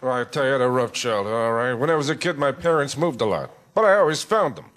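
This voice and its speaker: Guy doing a nervous old comic on a sketch show, rattles off sad jokes quick. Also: medium pitch, lively intonation, a bit bright, natural voice. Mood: complaining. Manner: twitchy, quick self-deprecating jokes. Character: male comedian impression, nervous older man. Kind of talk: sketch comedy impression.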